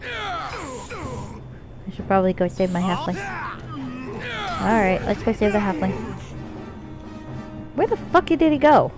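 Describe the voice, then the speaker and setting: A woman's voice: mid-range voice, very animated, slow pace, long pauses, over loud music. A woman streamer chatting casually and coaxing her cat during a live game stream. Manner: soft, coaxing talk to a pet.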